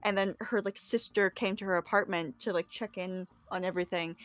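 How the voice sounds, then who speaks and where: A woman's voice: mid-range voice, steady tone, fairly quick, no echo. A woman playing a game with a streamer, chatting casually in a blunt, exasperated way with casual swearing. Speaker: co-player on a stream. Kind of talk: casual chat while gaming.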